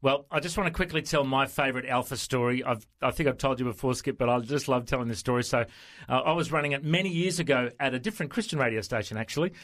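A man hosting a casual radio chat and telling stories with lively energy. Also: medium pitch, quick pace. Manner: chatty storyteller, acts out voices in anecdotes. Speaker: radio host.

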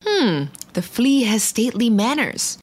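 A woman voicing a stern, quick-tempered old king in a storybook reading, regal and commanding. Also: on the high side, sing-song. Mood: musing.

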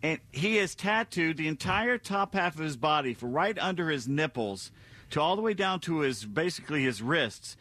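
A man's voice: fairly high pitch, lively intonation, moderate pace, pushed and bright, no echo. A male radio co-host chiming in with blunt, wisecracking remarks. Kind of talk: casual talk radio banter.

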